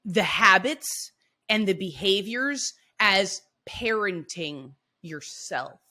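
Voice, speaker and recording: A woman co-hosting a podcast, telling stories casually with lively restarts and frequent laughs. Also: medium pitch, takes it slowly. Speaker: podcast co-host. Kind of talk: casual conversational storytelling.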